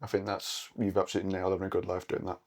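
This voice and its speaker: Fast-talking man. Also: sits low, level tone. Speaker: podcast guest. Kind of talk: casual podcast chat.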